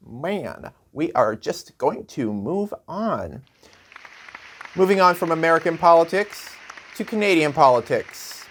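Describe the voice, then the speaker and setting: A male host reads a comedic news monologue, unhurried and sarcastic. His voice sits a little high, and he chuckles at his own jokes. A faint hiss runs under the recording. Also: animated. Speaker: late-night comedy show host.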